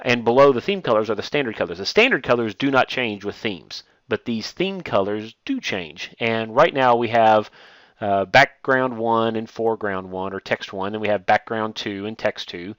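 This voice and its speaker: Low-voiced man talking through a software tutorial. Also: clean tone, dry recording. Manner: plain step-by-step explaining with fillers. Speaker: instructor.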